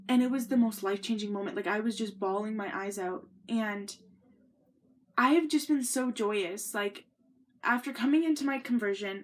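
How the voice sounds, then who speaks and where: A young woman telling a personal story in a sit-down vlog, earnest and rambling, with many ums and restarts. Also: fairly high pitch. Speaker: vlogger.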